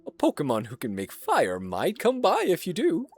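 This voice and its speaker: A man voicing a male game character in a lowered, measured voice, reading out advice. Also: huge pitch swings, darkish tone, soft background music, full character voice. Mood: advising.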